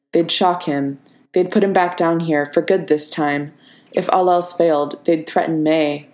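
Low-voiced woman reading a story. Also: a little mellow. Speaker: reader. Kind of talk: audiobook narration. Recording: echoey room.

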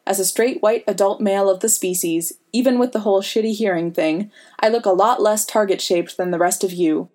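A woman's voice: mid-range voice, fairly quick, hardly any pauses, darkish tone, lightly acted. A woman voicing a wisecracking, protective grown man who teases and sometimes growls. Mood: earnest. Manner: wry, teasing, gruff at times.

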